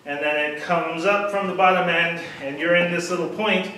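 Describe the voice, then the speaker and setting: A man's voice: high-pitched, fairly even intonation, normal speed, bright, forceful tone. A man giving an unprepared, rambling talk to a crowd, full of fillers and self-deprecating asides. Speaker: speaker at a storytelling event. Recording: echoey hall from far off, with noise.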